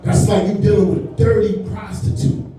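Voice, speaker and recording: A man in his forties doing stand-up, his voice high but mellow. He talks in a laid-back, chatty way and keeps dropping "man" and "you know what I'm saying". The sound is echoey and comes from far off in a club. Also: steady tone, a little fast. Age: 40s. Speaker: stand-up comedian. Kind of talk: stand-up comedy set. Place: comedy club stage.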